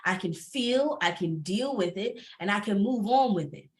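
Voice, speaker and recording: A woman's voice: mid-range voice, expressive, moderate pace. A woman from Atlanta, speaking expressively and laughing often as a panelist entrepreneur on a video call. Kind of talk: panel discussion, personal testimony.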